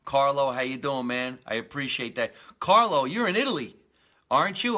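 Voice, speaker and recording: Bright-voiced comedian in his forties. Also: mid-range voice, expressive, quick pace. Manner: rambling, jokey, with lots of fillers and restarts. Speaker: comedian hosting his own live show. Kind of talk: casual comedy monologue.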